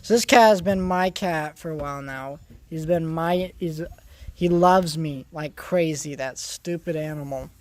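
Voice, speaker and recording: A man's voice: on the high side, a little slow. Rambling vlogger man. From California. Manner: rambling, full of restarts and fillers. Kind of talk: rambling casual monologue.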